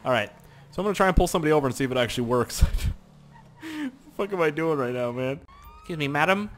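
A young man giving casual, excitable gameplay commentary, swearing and laughing as he plays. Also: medium pitch, very fast, a little hiss or hum. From Canada. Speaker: gaming YouTuber.

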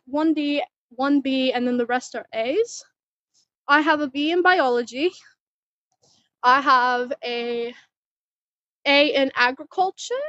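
A teenage girl vlogging outdoors at home, chatting in a rambling, giggly, excitable way into a handheld phone. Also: high-pitched, dry recording. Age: teens. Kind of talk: casual chatty vlog. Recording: dull, muffled phone audio.

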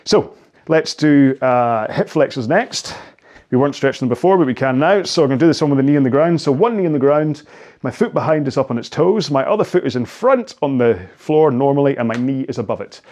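A man's voice: mid-range voice, darkish tone. A Scottish man in his forties, an indoor rowing coach, talking through cool-down stretches in a chatty, rambling way with self-deprecating asides. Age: 40s. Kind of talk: casual workout cool-down instruction.

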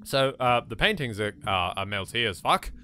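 Animated English man joking through a game. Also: mid-range voice, normal speed, slight background noise. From England. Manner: animated, jokey, talks to objects, swears. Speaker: let's play host. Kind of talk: casual gameplay commentary.

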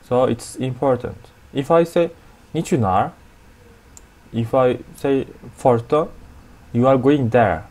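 A male teacher with a Turkish accent walks through a lesson at a whiteboard. He speaks at an unhurried, careful pace and repeats each new word, in a voice of middle pitch. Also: a little mellow. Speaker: language teacher. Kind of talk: explaining a language lesson at a whiteboard.

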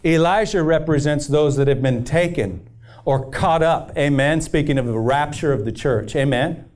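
Speaking at normal speed in a darkish voice on the high side, a male pastor preaches a sermon at a church service. He narrates scripture as a story, restarts frequently, and keeps seeking an "amen?" from the congregation.

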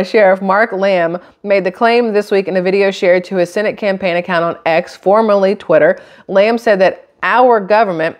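A woman hosting her own channel, reading news items aloud and then giving her blunt opinions in a casual way. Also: mid-range voice. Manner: opinionated, reads articles aloud then riffs. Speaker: channel host. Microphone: camera microphone.

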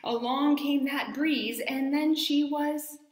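A woman from New York State telling a counting rhyme story to children, gentle and playful, with a slow sing-song delivery. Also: high-pitched, fairly even intonation. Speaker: storyteller and dance educator. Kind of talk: children's story time with movement. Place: home in Italy, echoey room. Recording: echoey room.

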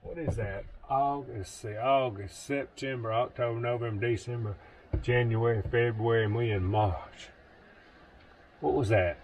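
A man's voice: mid-range voice, steady tone, measured pace, a little mellow, slight background noise. A man with a Southern US accent talking casually to viewers while building something, folksy and chatty, a bit out of breath. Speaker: vlogger. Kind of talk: casual DIY vlog talk.

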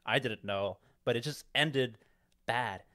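Young male co-host, casual storyteller, animated, dry mic. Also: medium pitch, slow pace, no room sound. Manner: animated storyteller acting out his past reactions. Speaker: podcast co-host. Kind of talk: casual chat.

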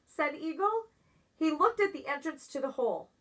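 A preschool teacher reading a picture book aloud, pausing to ask the children questions. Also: female voice, sits high. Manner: expressive, asks children questions. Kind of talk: storybook read-aloud for preschoolers.

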